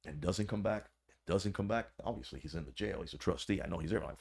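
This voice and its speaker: A man telling a story in a low voice with a gravelly, fry-laden edge. He is a podcast guest and former corrections officer. His talk is animated, slangy and full of swearing. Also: fast. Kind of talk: casual storytelling.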